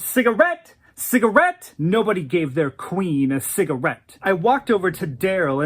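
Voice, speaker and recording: A narrator telling a first-person story in a campy, sassy, diva-like manner, calling people honey and darling. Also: mid-range voice. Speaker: narrator speaking as the oral-history subject.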